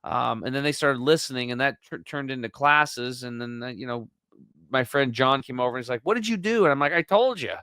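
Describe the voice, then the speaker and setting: A man's voice: medium pitch, level tone, brisk, bright, forceful tone, clean tone, no echo. A man talking as a podcast guest, telling his story and acting out quoted dialogue with animation. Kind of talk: conversational storytelling.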